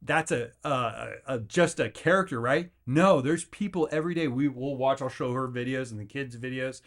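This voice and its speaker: A man at a middle pitch rants through a motivational podcast episode, piling up "like" and restarts as he goes. He keeps jumping into quick voices to act out other people and life itself. The delivery is loose, earnest and energetic. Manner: energetic, rambling, acts out quotes in jumpy voices; filler-heavy, with frequent restarts. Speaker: podcast host. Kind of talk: motivational rant.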